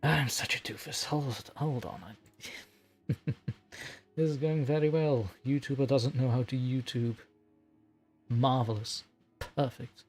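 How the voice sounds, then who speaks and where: A man hosting a live stream in a loose, chatty way, scattered and self-mocking as he giggles through mishaps. His voice sits at an ordinary middle pitch, with faint music playing behind him. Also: fairly even intonation, takes it slowly, pauses often, a little mellow, slightly rough. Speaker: streamer, horror story narrator. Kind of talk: casual live-stream chat.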